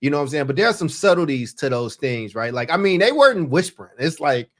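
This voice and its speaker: A man with a high, light voice talks through a film on a review podcast. He is animated and emphatic, with plenty of slang and rhetorical "right?" checks. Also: fast talker. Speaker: podcast co-host. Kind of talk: casual movie review chat.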